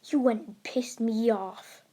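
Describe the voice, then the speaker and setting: A woman voicing a cold, gruff young male hero who is easily annoyed, speaking low and quietly with menace, often in a whisper. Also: steady tone, takes it slowly.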